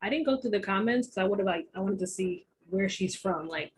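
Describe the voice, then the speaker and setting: A young adult woman from Texas co-hosting a podcast in casual chat, telling stories in an animated way and acting out quoted voices. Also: mid-range voice, a little fast, husky, poor audio. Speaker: podcast co-host.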